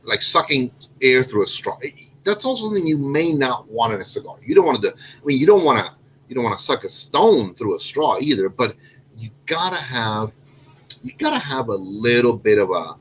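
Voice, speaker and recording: A man's voice: medium pitch, big pitch swings, fairly quick, fairly bright tone, slight background noise, poor audio. A man from Cuba hosting a casual cigar show, rambling and correcting himself with lots of fillers. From Cuban. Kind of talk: casual chat.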